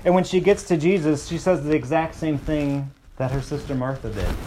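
A pastor with a slightly higher-pitched voice delivers an earnest, expressive sermon. His pace shifts freely, sometimes rushing forward, other times slowing and softening to a hush to emphasize a point.

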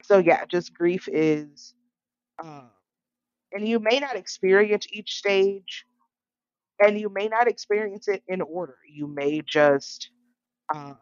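A woman co-hosting a podcast in casual chat, talking haltingly with lots of fillers. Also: medium pitch, darkish tone, clean tone, dry recording, muffled recording. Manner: halting, filler-heavy, quotes family in little voices. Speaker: podcast co-host.

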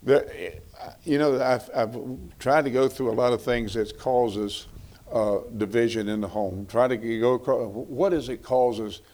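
A man's voice: mid-range voice, a little slow, darkish tone. A middle-aged man preaching a sermon on marriage in a folksy, conversational way, repeating phrases for emphasis.

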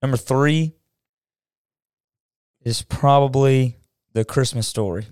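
An easygoing man co-hosting a casual podcast, unhurried and a little hesitant as he thinks out loud. His voice is smooth and clean, recorded close and dry. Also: medium pitch, no echo. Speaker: podcast co-host. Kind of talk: casual chat.

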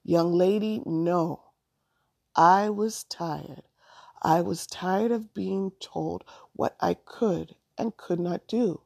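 A firm, wise older Southern woman who patiently instructs a young girl, as a woman reading a story puts her on. The voice is low and mellow, with a heavy gravelly fry and a husky edge. It is recorded dry. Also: takes it slowly, dry recording, heavily acted.

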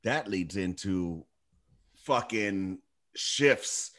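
A man's voice: deep voice, expressive, very slow, fairly bright tone. A man co-hosting a podcast in casual chat, swearing freely and calling his friend bro and dude. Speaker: podcast co-host.

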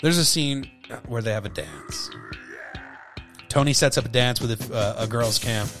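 A man's voice: mid-range voice, normal speed, fairly bright tone, soft background music. A tipsy man hosting a solo podcast, rambling loosely and swearing, often cutting himself off. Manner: loose, profane, self-interrupting. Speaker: podcast host.

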